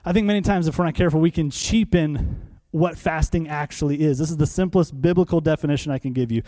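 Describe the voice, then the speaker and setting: A man's voice: fairly high pitch, quick pace, dark tone. A man preaching a sermon to a congregation, asking questions and answering them himself, repeating key phrases for emphasis. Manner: conversational, asks the room questions and answers them.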